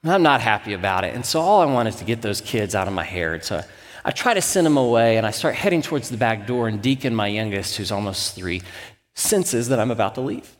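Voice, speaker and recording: A man's voice: on the low side, lively intonation, fairly quick, long reverb tail. A man in his thirties, a pastor, preaching a sermon as a candid, self-deprecating personal story.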